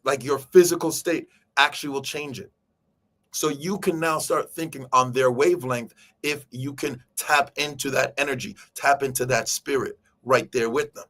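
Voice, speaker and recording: A man's voice: medium pitch, normal speed. A man hosting a live stream, talking casually to his viewers about a book and acting out quoted speech along the way. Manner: animated, addresses viewers directly, acts out quoted speech. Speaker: show host.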